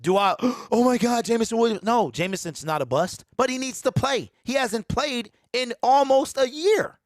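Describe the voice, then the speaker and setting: A man hosting a live sports talk stream, excitable and repeating himself as he riffs. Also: extremely high pitch, normal speed, no room sound, studio quality. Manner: excitable, repeats himself, mocks fans in a mimicking voice. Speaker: sports show host.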